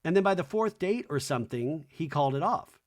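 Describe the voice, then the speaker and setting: Man, podcast host, campy sarcastic recap, lively swooping voice, fairly high pitch. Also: fairly quick. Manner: campy, sarcastic, voices cast members in quotes. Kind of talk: comedic reality TV recap.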